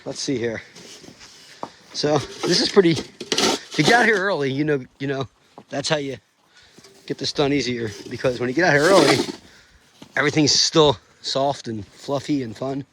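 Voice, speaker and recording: Against a noisy background, a man with a mid-range voice speaks at a moderate pace and pauses often. He's a family vlogger talking casually to the camera outdoors in a snowy yard, upbeat, chatty and quick to laugh.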